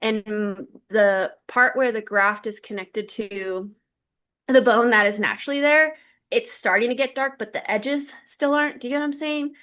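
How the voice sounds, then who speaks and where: A woman co-hosting a podcast, telling stories in a lively casual chat full of "like" fillers. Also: a little high, moderate pace. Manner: lively storyteller, many "like" fillers. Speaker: podcast co-host.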